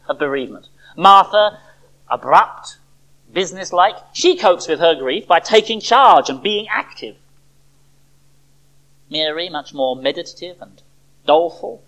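A preacher giving a sermon to a church service, expressive, with dramatic pauses and rhetorical questions. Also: medium pitch, poor audio.

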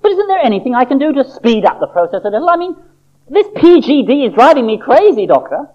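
A preacher voicing a restless young male seed in a storybook tale, excitable and pleading. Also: sits high, fast talker, voice pushed up. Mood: eager. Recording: dull lo-fi recording.

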